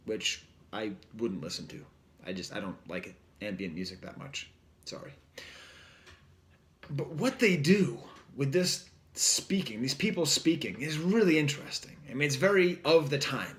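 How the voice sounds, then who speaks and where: A man casually reviewing an album, rambling with lots of fillers in a wry tone. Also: medium pitch. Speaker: record reviewer.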